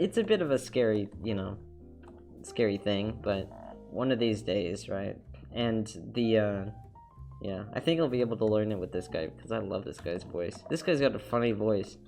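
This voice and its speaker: A man's voice: on the low side, gravelly, a little mellow. A man chatting casually while he draws on a live stream, rambling and upbeat, full of fillers and restarts. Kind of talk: casual chat while drawing. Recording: faint music behind the voice.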